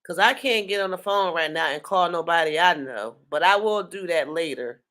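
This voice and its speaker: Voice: medium pitch, moderate pace, bright, forceful tone. A reaction video host making casual, sassy and teasing comments.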